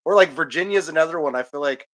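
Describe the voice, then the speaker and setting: A man's voice: fairly high pitch, quick pace, fairly bright tone. A young man from Washington state hosting a live stream, chatting in a rambling way with many fillers and frequent laughs. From Washington state, USA. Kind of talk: casual chat.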